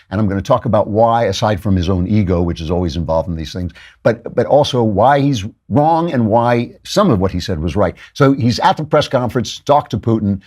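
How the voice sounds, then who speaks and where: Male commentary host, husky voice, lively swinging pitch, sardonic, rapid restarts. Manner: fast, sardonic, animated, with quick restarts. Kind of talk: political commentary.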